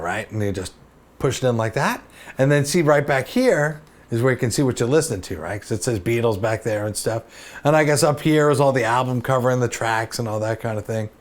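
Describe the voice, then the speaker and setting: Host, male, 50s, casual storyteller with an animated, up-and-down delivery, chatty and self-deprecating. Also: a little high.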